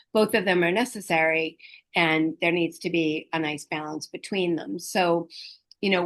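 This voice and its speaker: Woman, middle-aged, hospice educator, gentle and earnest, pauses and fillers, a bit low in pitch. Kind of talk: reflective talk on caregiving.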